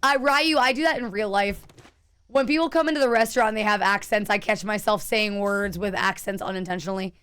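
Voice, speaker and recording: A woman's voice: mid-range voice, a little fast, a bit bright, clear, resonant tone. A young woman streaming a game, chatting casually and answering her viewers as she plays. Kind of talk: casual live-stream chat while gaming.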